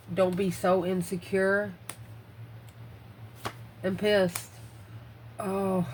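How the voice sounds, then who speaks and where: Woman tarot reader, mid pitch, breathless, blunt and profane, faint background noise. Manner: blunt, swears freely, muses aloud over the cards. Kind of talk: casual tarot reading.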